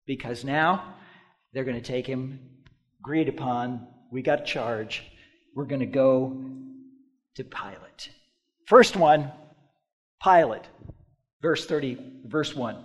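Preacher man, hushed then shouting. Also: fairly high pitch, animated, slow pace, long pauses. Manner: swings from hushed to loud emphatic bursts. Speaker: pastor. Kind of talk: sermon.

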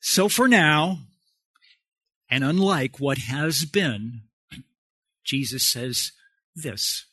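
A man's voice: mid-range voice, expressive, drawn-out words, pauses often, bright, forceful tone, husky, dry recording. A man preaching a sermon as pastor, emphatic and repetitive, putting questions to the congregation.

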